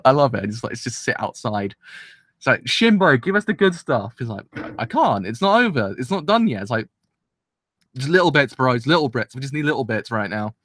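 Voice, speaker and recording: Fast-talking guy rambling about anime. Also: medium pitch, no room sound, studio quality. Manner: rambling, excitable, full of restarts and "kind of". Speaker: anime reviewer. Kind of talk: casual episode review.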